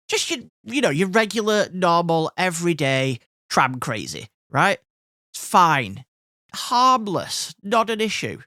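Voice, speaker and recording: A podcast host, somewhere in their thirties or forties, spinning a casual anecdote with a voice that leaps up and down in pitch. The delivery is chatty and rambling, full of restarts, and the recording is close and dry with no room sound. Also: fairly bright tone, no room sound. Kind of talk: casual storytelling monologue.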